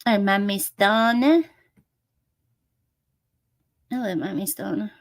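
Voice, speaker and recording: Hosting an easygoing livestream, a woman reads comments, greets her audience with endearments, and goes off on cursing rants. She speaks slowly at a medium pitch, in a dry recording.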